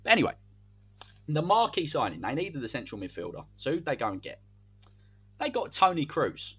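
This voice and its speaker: A man with a slightly husky voice co-hosts a casual podcast, spinning an imagined football season as if commentating it live. His pitch swings widely as he builds the story, animated and playful. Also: normal speed. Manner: animated, spins a hypothetical tale like match commentary. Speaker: podcast co-host.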